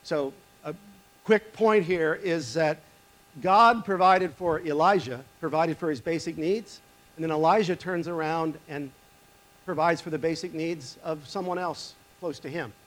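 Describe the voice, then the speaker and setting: A man giving a sermon, reading scripture and explaining it in a conversational way, voice lifting on quoted lines and dropping low for asides. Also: measured pace, a bit bright. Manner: some fillers and restarts. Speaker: pastor.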